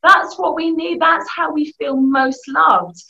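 A woman with a British accent, giving lively, animated advice as a guest in a conversation, often laughing. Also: sits high, takes it slowly, vocal fry. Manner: animated, laughing, acting out family voices. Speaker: youth work guest. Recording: muffled lo-fi audio.

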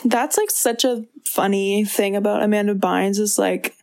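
A woman's voice: medium pitch, normal speed, vocal fry, darkish tone, dry recording, studio quality. Rambling young woman co-host. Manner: rambling, agreeable, trails off mid-sentence. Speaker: podcast co-host. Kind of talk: casual movie chat.

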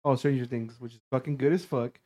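Animated, profane young-sounding man. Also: mid-range voice, fast talker. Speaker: storyteller. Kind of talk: casual chat.

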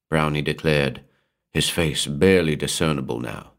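A man reading a horror story aloud in a measured, atmospheric storytelling manner. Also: extremely low pitch, lively intonation. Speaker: narrator. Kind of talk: scripted horror narration.

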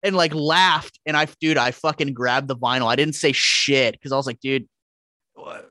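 A man's voice: mid-range voice, normal speed, dry recording. Profane storytelling man, dry sound. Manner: profane, animated, acts out quotes. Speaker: podcast guest. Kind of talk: casual chat, storytelling.

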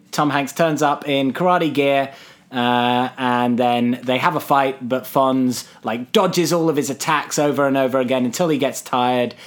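Guy co-hosting a podcast, rambly, lots of ums, medium voice. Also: mid-range voice. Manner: rambling, laughs often, many fillers. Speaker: podcast co-host. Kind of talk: casual chat reviewing a sitcom episode.

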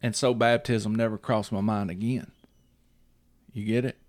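A man's voice: fairly low pitch, fairly even intonation, moderate pace, darkish tone, no echo. A man hosting a casual chat, rambling and repeating himself while he checks that the listener follows. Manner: rambling, repeats himself, checks in with "you see what I'm saying".

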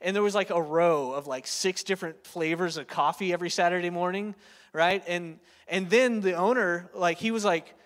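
Preacher in his thirties, high voice, casual storytelling sermon, long hall reverb. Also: normal speed, a bit bright. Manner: chatty, storytelling, lots of filler words and tag questions.

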